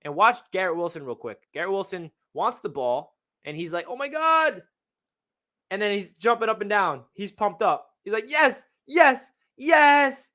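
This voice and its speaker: A young man excitedly breaking down game film as a fan analyst, talking in a slangy way full of exclamations. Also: high voice, brisk.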